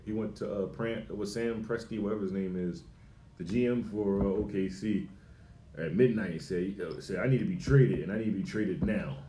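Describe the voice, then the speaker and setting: A man co-hosting a podcast, chatting casually, swearing a lot and laughing between quick bursts of talk. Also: on the low side, warm tone. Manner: profane, laughing, rapid bursts. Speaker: podcast co-host. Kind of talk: casual chat. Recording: echoey room with faint noise.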